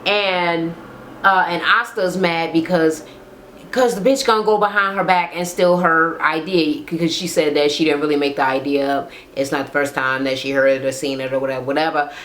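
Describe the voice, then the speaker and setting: A woman recapping a reality TV episode as a vlogger, telling it in a blunt, profane, animated way. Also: low-pitched, moderate pace, slight background noise. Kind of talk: casual ranting recap.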